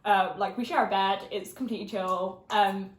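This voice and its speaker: A woman's voice: mid-range voice, fairly even intonation, moderate pace, a little hiss or hum. Chatty English woman in a roomy space. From Essex, England. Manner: chatty, laughs often. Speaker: YouTube host. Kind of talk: casual chat while eating. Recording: roomy echo.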